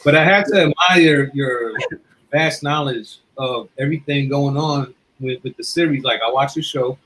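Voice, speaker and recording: A man co-hosting a casual chat who speaks politely and somewhat haltingly. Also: medium pitch, fairly bright tone, slight background noise, poor audio. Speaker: co-host.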